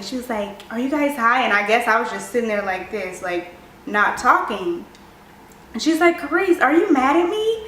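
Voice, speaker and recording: A young woman telling a storytime vlog, animated and acting out what people said. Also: on the high side, reverberant, recorded from a distance, a little hiss or hum, rough recording. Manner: animated storytelling, acts out quoted voices. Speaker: vlogger.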